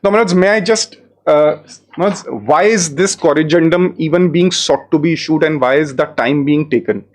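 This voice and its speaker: A man's voice: fairly high pitch, normal speed. A man arguing his own case before judges in a courtroom, deferential and formal, repeatedly addressing the bench, growing insistent as he presses his point. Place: courtroom, live-streamed hearing.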